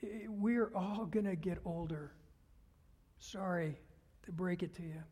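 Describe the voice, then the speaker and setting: A man preaching a sermon as a pastor, earnest, dropping to hushed whispers and rising to loud fervor. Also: sits high, unhurried, husky. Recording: long hall reverb.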